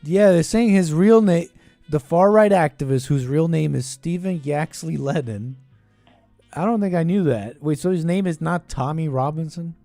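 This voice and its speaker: A man's voice: a little high, moderate pace, mellow, no room sound, faint music behind. A man hosting a call-in show, talking casually and rambling, with frequent chuckles and trailing thoughts.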